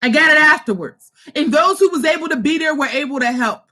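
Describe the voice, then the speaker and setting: A woman's voice: sits high, brisk, pushed and bright. A woman in her thirties, a social worker, talking about her own trauma in a raw, emphatic, profane way. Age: 30s. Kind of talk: impassioned personal talk.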